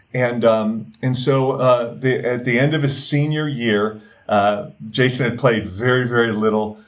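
Earnest man preaching a sermon. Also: medium pitch. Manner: earnest preaching with repeated phrases and drops to a softer tone. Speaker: pastor.

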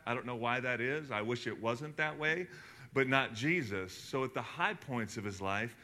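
A middle-aged man preaching a sermon as a pastor, conversational and animated, reading scripture aloud between asides. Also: medium pitch.

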